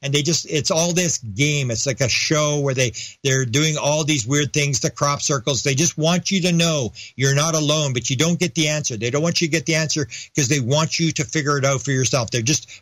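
Speaking a little fast with few pauses, a podcast guest chats casually in an interview. His voice is a little high and fairly bright with no echo, and he rambles, restarts his sentences, and gets louder when he acts out quoted lines.

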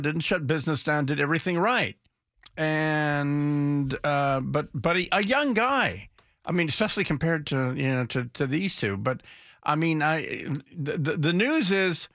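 Bright, rambling talk radio host man. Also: on the high side, no echo, clean studio sound. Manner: rambling, halting, with many restarts and fillers. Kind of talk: opinionated talk radio banter.

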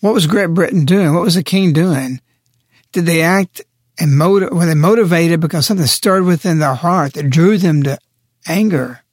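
On a radio talk show, a man speaks in a forceful, preaching manner, pressing his points hard and emphatically. His voice is fairly high at normal speed, with clean studio sound and no echo.

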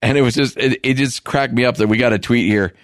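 A man's voice: medium pitch, fairly even intonation, fast talker, no echo, clean studio sound. A man co-hosting a sports podcast in an amused, conversational way, leading into the next topic. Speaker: co-host.

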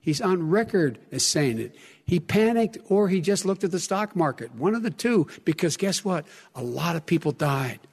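Man in his 70s, earnest debater, somewhat high voice, stumbles and restarts. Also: expressive, a little mellow, slightly rough. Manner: halting restarts, earnest, pointed. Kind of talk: heated live debate. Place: debate stage in a hall.

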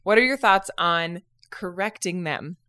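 A woman's voice: lowish voice, unhurried, sharp tone, smooth. Chatty woman with a Utah accent. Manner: chatty storyteller, laughs often. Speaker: podcast co-host. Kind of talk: casual chat.

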